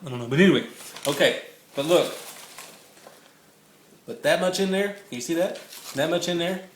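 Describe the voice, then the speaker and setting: Man, light higher voice, laughs at his own jokes while cooking, phone recording in a roomy kitchen. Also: normal speed, slight background noise. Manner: chatty, jokey, laughs often. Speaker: home cook filming a recipe video. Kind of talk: casual cooking demo. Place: home kitchen. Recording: echoey kitchen on a phone mic.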